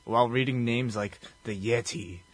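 A man's voice: mid-range voice, moderate pace. A man co-hosting a casual chat, asking questions and making wry remarks. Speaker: podcast co-host.

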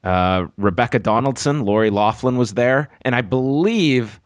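A man's voice: mid-range voice, expressive, moderate pace, dry recording. A man hosting a casual wrestling podcast, joking dryly and now and then tripping over his words. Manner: joking, dry, with small stumbles. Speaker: podcast host.

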